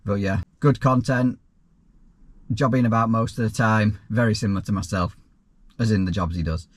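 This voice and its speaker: A man's voice: lowish voice, normal speed. A man, a self-employed plumber, answering viewer questions in a casual, rambling vlog with dry asides. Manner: easygoing and rambling, with frequent restarts and dry asides.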